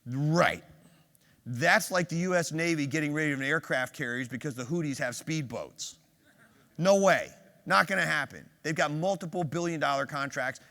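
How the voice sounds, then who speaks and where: Older man giving an energetic conference keynote. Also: a little high, vocal fry. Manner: energetic, quizzes the audience with quick questions. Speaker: keynote speaker. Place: large conference hall. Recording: hall reverb on a stage mic.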